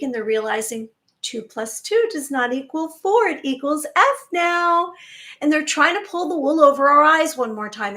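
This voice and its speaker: A spiritual channel host with a grown daughter speaks to her viewers in a soft, reassuring, somewhat high voice. Her earnest monologue is full of rhetorical questions.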